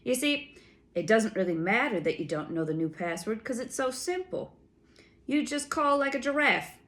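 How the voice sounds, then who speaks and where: A woman doing a high, trembling sentry. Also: sing-song, normal speed, fairly bright tone. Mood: soothing. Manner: soothing, cheerfully simple-minded. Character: high-voiced, trembling outlaw sentry man.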